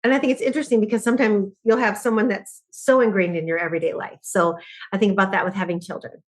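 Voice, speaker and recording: A middle-aged woman, a podcast guest who speaks on joy and laughter, telling stories in lively conversation and often laughing. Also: mid-range voice, quick pace. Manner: animated storyteller, often laughing.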